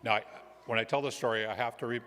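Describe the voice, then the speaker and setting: A male guest minister telling a children's story during a church service, gentle and playful, with pauses. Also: mid-range voice, steady tone, background noise. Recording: long reverb of a large hall.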